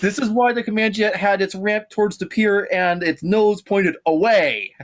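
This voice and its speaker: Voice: mid-range voice, normal speed. A tabletop role-play player confidently describing their character's actions.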